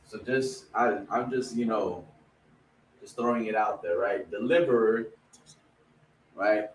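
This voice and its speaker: A man with a Spanish accent teaching an online vocabulary class in a casual way, often saying "right?" as he goes. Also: a little slow. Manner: casual, repeats "right?" and "boom". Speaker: language teacher. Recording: roomy, distant mic, faint background noise.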